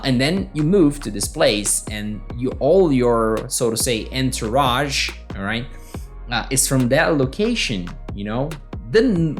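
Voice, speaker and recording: Man teaching English casually. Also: medium pitch. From Brazil. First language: Portuguese. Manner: conversational, checks in with frequent tag questions. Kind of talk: solo podcast lesson.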